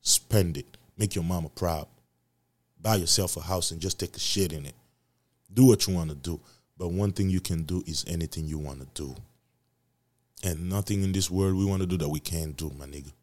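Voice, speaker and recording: A man with a very low voice hosts his own podcast, rambling in a loose, profane monologue. He preaches and repeats his points for emphasis, going loud on some phrases and quiet on others. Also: moderate pace. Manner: repetitive emphatic delivery, swinging loud and soft. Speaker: podcast host. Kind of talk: casual solo podcast monologue.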